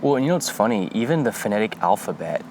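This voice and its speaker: A man co-hosting a podcast in casual, animated, joking chat. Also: fairly low pitch, fast talker, background noise. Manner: animated, joking, lots of fillers. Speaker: podcast co-host.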